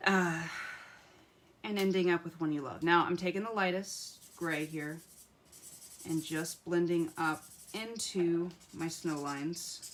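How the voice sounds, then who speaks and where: A woman with a low voice runs a live craft session, and the recording carries a faint hiss or hum. She colors while chatting with viewers and quietly talks herself through picking out pens.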